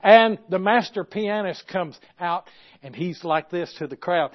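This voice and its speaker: A man preaching a sermon, moving from quiet, hushed storytelling to loud, impassioned exhortation. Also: sits high, a little slow. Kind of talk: sermon with stories. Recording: dull lo-fi recording.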